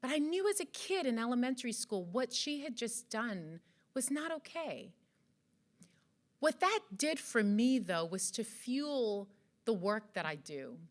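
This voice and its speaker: A woman's voice: fairly high pitch, very animated, a little slow. A woman from Jamaica giving an earnest motivational speech to an audience, full of rhetorical questions. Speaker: event speaker. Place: event hall.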